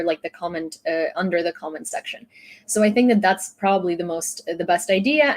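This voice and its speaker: In casual news commentary for YouTube, a young woman from Ukraine talks through the news with fillers and false starts. Her voice is mid-range with a darkish tone.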